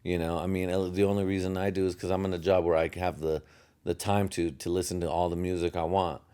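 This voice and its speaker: A man's voice: deep voice, little pitch movement, fast talker, mellow, clean tone. A young American man hosting a solo podcast, rambling from topic to topic with heavy profanity and chuckles at his own jokes. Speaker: podcast host.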